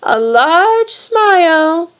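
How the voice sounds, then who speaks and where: A woman's voice: very high-pitched, sing-song, very slow, voice pushed up, heavily acted. A woman doing a sweet, fussy old lady in disguise. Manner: sweet and fussy, calls people dear. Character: genteel old female monster in disguise, motherly.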